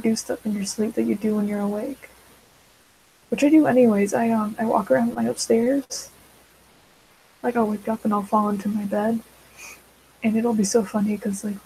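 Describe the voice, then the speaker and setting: A woman's voice: a little high, mellow, a little hiss or hum, rough recording. A teenage girl chatting casually while she draws, rambling with many fillers and side tracks. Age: teens. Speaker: vlogger.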